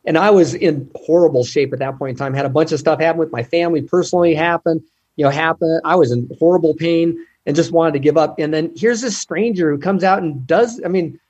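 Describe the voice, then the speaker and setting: A man being interviewed, full of stories, who slips into the voices of the strangers he describes. His voice sits high and sounds breathy and husky. The recording is dull and lo-fi. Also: fairly quick. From United States. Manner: animated, retells encounters with quoted dialogue and laughs. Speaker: guest, ultrarunner. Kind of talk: storytelling in an interview.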